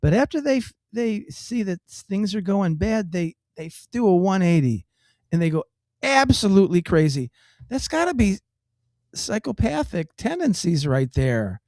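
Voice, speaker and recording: Man, high voice, talk-radio co-host, rambling, incredulous, casual chat. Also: sing-song, normal speed, a little mellow, no echo, studio quality. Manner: rambling, incredulous, restarts often.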